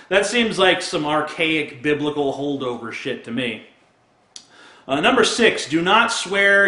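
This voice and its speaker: A man with a somewhat high, forceful voice rants crudely and sarcastically straight to camera. He swears freely and laughs at his own jokes. The sound bounces around an echoey room. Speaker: video blogger. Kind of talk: profane comic rant to camera.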